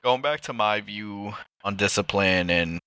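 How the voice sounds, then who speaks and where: A man with a very deep voice and a bright, forceful tone, talking casually on a podcast. He rambles a little and acts out family scenes in quotes. The sound is close and dry. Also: a little slow, clean tone, no room sound. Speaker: podcast co-host. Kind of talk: casual chat.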